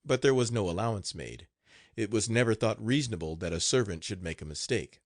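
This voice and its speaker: A man with a low voice narrates an audiobook, his delivery lively and rich in pitch swings. The recording is dry and close, with no room sound. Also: a little fast, dry recording. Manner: expressive, animated reading.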